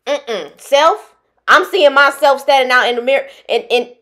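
A woman's voice: sits high, normal speed, pushed and bright. A woman breaking in with emphatic, repeated exclamations during a story. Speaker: reactor. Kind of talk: casual reaction commentary.

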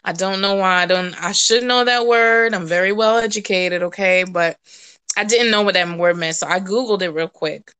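A woman sharing a casual, animated testimony, laughing and jumping to high exclamations. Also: moderate pace, clean tone. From West Indian. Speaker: prophetic preacher.

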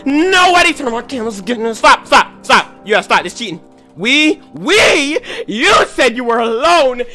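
A gamer playing a horror game, jumpy and yelling, taunting and then pleading with the game, spelling out letters aloud. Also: medium pitch, expressive, fairly quick, soft background music. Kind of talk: let's-play commentary.

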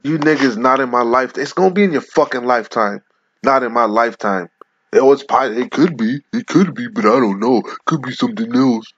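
A man's voice: medium pitch, a little fast, breathy edge, dry recording. A man giving an angry, profane rant in which he reads scripture aloud and lectures his listeners. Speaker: religious commentator. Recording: lo-fi muffled audio.

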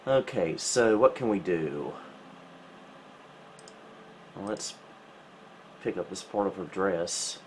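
A man hosting a retro computer channel, giving casual gameplay commentary with relaxed, wry, self-mocking asides. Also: low-pitched, takes it slowly, pauses often, slight background noise.

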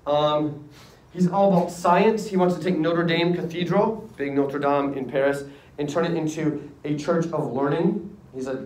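A male history teacher telling a lively classroom story in casual slang, acting out voices. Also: fairly high pitch, normal speed. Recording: echoey room, distant mic.

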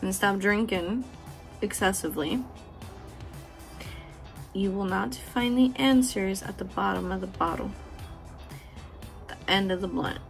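Frank, profane woman with soft music. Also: mid-range voice, a little slow, vocal fry, pauses often. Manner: frank and profane, affectionate, laughs often. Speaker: beauty vlogger. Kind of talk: candid motivational talk to camera.

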